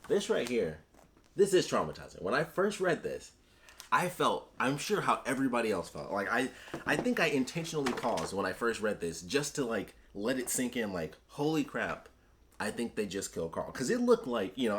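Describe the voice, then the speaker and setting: A man casually reviewing a comic book on his own channel, rambling and animated, acting out the characters' lines as he retells the story. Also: lowish voice, slight background noise. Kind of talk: casual solo review chat.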